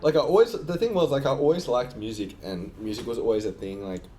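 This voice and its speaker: A man's voice: mid-range voice, fast talker, dark tone, slight background noise. A man guest on a podcast, a music producer, talking in a laid-back, joking way with lots of fillers. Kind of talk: casual chat.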